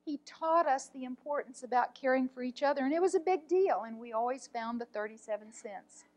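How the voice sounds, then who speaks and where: A woman, an art teacher, telling a personal story in an earnest, heartfelt way, often speaking softly. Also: sits high, a little fast, low-quality recording.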